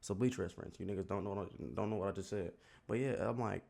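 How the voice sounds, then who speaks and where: A young adult man, a YouTuber with a Southern US accent, tells a casual story in a rambling, slangy way packed with filler words. His voice is fairly low, fast and gravelly, with a darkish tone.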